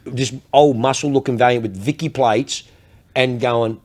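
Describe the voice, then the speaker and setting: An Australian man at a middle pitch, swearing freely and spinning animated stories with a casual podcast feel. He rambles with plenty of energy and repeats himself, going back to tangents and restarting sentences. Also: moderate pace. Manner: profane, animated storyteller. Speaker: luxury car salesman, podcast guest.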